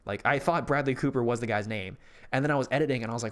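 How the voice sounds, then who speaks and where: A male streamer chats into his desk mic in a loose, rambling way. He curses freely and laughs easily, and his voice sits at an ordinary middle pitch. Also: animated, very fast. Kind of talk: casual live-stream chat.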